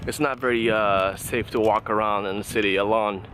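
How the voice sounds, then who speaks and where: A man's voice: on the low side, steady tone, normal speed, background noise. A man vlogging his travels, chatting casually into a handheld camera and laughing often. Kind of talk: casual vlog chat. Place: bar, then city street at night.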